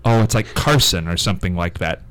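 A man's voice: sits low, a little fast, fairly bright tone, dry recording, low-quality recording. A middle-aged man hosting a live radio show in a small studio, chatting casually and rambling from one thing to the next. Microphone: studio microphone.

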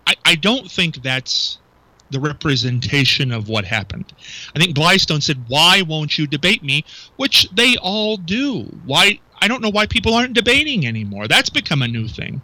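A man's voice: high-pitched, very animated, moderate pace, pushed and bright, dry recording, poor audio. A male radio talk show host, chatting with his co-host, incredulous and full of rhetorical questions. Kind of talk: local talk radio banter. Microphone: studio microphone.

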